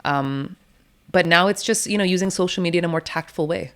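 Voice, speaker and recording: A woman doula, fairly low in pitch and fairly quick, gives an interview in a blunt, animated manner. Casual swearing and frequent laughter punctuate what she says.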